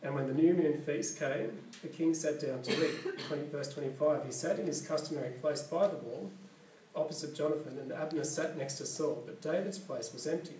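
A man's voice: on the high side, fairly quick, darkish tone, distant mic, slight background noise. Man preaching in an echoey room. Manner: conversational, corrects himself mid-sentence. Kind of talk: sermon with Bible reading and commentary.

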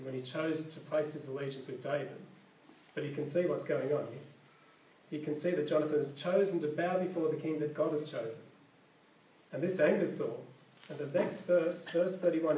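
A man's voice: a little high, warm tone, far from the mic. A man preaching a sermon, reading scripture aloud and explaining it in a conversational way, often correcting himself mid-sentence. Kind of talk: sermon with Bible reading and commentary. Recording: echoey room, voice from off-mic.

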